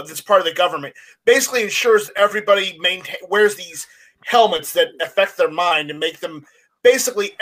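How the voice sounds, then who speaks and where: A man's voice: high voice, fairly bright tone, rough recording. A man in a casual talk, earnestly explaining at length. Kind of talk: casual chat.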